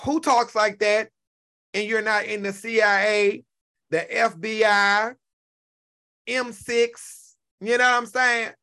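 A man in his forties hosting a casual live-stream rant, animated and profane, repeating himself and now and then breaking into shouts. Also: sits high, slow, smooth. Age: 40s. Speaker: YouTube commentary host.

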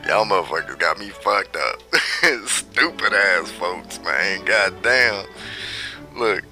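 A man's voice: sits low, animated, takes it slowly, bright, forceful tone, faint music behind. Brash, profane man ranting. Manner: brash, profane, laughing at his own jabs. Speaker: vlogger. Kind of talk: profane rant commentary.

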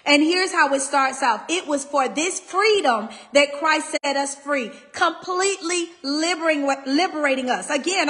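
High, bright-voiced woman preaching fervently. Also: big-room sound. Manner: fervent, emotional, talks to listeners as y'all. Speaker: podcast host and faith speaker. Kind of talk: devotional podcast preaching.

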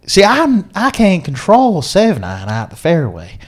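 A man's voice: sits high, wildly swooping pitch, normal speed, voice pushed up. A man doing a drawling southern golfer. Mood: boastful. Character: boastful older male golfer, drawling southern twang.

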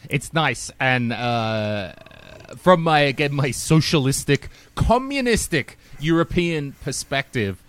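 A man's voice: mid-range voice, animated, slow, fairly bright tone. A man hosting a casual podcast chat, wry and teasing.

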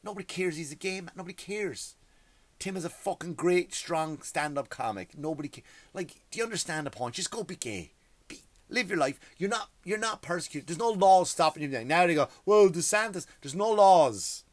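A man's voice: on the high side, lively intonation, moderate pace, no room sound. A man, a stand-up comedian, delivering a profane, exasperated comedy rant. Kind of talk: ranting comedy monologue.

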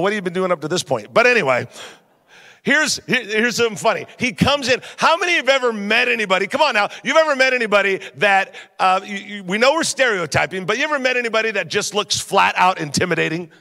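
A high-pitched man with a gravelly, bright edge preaches a sermon full of humorous stories. He talks straight to the congregation with lively back-and-forth. His voice carries the long reverb of a large church auditorium. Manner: animated, jokey, talks straight to the crowd. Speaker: pastor.

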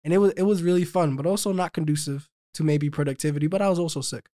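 Young male podcast co-host, easygoing and chatty, slangy, quick to laugh. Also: fairly high pitch, dark tone. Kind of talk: casual chat.

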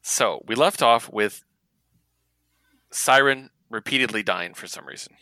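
A man co-hosting a podcast, chatting casually about comics in an animated way. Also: medium pitch, measured pace, no echo. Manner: animated, laughs often, acts out character lines. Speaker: podcast co-host. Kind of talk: casual comic book review chat.

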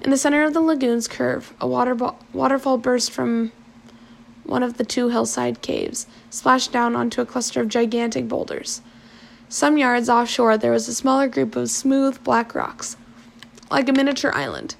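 A woman reads a storybook aloud in a high voice with a gravelly, creaky grain. She keeps a steady pace and now and then corrects herself mid-phrase. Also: moderate pace. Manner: steady reading with occasional self-corrections. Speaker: story reader.

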